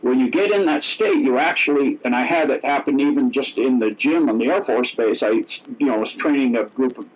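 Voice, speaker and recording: A middle-aged man telling stories as an interview guest, rambling and correcting himself as he goes. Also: medium pitch. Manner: rambling, self-correcting, acts out quoted dialogue. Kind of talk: casual storytelling. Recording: dull lo-fi audio.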